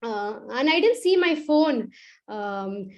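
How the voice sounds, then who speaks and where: A woman's voice: on the high side, expressive, slow, muffled recording. A woman storyteller voicing a nervous young woman who stammers and hesitates with many fillers. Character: nervous young woman student, timid and halting.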